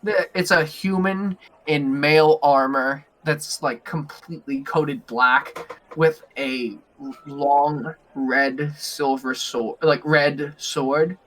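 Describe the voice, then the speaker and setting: A man's voice: fairly high pitch, steady tone, slow pace, fairly bright tone. A young man narrating as game master in a rambling, giggly way full of fillers.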